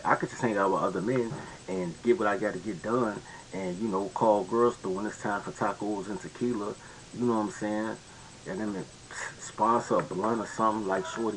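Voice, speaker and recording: Male commentary host, rambling slangy monologue, lowish voice, faint hiss on the recording. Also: fairly bright tone, poor audio. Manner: rambling, slangy, many restarts.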